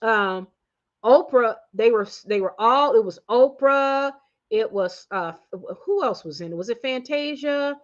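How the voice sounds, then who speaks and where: A woman with a high voice delivers a casual, slangy opinion rant as a channel host. She meanders through fillers and restarts, jumping between loud outbursts and low muttered asides. The recording sounds slightly muffled and lo-fi. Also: animated, unhurried.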